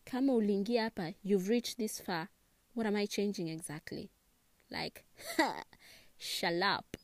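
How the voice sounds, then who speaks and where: A young woman with a Kenyan accent chatting casually, expressive and quick to laugh, giving relationship advice. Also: mid-range voice, dry recording. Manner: chatty and expressive, laughs often, mixes in Swahili words. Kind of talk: casual chat to camera.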